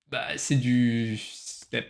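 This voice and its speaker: Slow-talking French man with a sore throat. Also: medium pitch, vocal fry. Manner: rambling, chatty, self-amused. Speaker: solo game developer streaming. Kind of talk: casual livestream chat.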